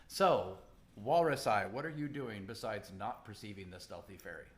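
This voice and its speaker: A man narrating as game master of a tabletop game, animated and chatty, often laughing. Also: lowish voice, moderate pace.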